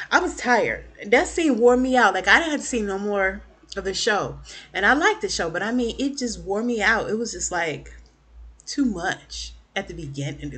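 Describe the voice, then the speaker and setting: A woman casually recapping a TV episode for her viewers, chatty and animated, acting out the characters' lines. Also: mid-range voice. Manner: chatty, lots of fillers and asides to viewers. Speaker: TV recap vlogger.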